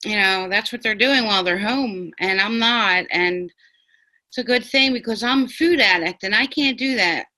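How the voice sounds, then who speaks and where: A woman's voice: medium pitch, bright, forceful tone, low-quality recording. A woman giving an upbeat, grateful share at a support meeting over a video call. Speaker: meeting member sharing. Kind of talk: twelve-step share.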